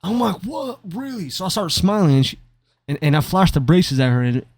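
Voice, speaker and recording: A young man chats his way through a long personal story while commenting on gameplay, tripping over his words and poking fun at himself. His voice sits a little high for a man, and the sound is dry and close, with no room around it. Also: expressive, brisk, creaky, a little mellow, no echo. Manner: rambling, stammering, self-mocking. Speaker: gaming commentator.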